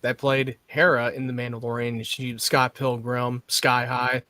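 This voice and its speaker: A man's voice: medium pitch, flat delivery, measured pace, sharp tone, no room sound. A man in casual chat at a watch party, easygoing and agreeable.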